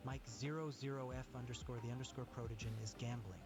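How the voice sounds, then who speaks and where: A man's voice: medium pitch, fairly even intonation, quick pace, music in the background. A male text-to-speech voice reading stream alerts and spelling out usernames letter by letter.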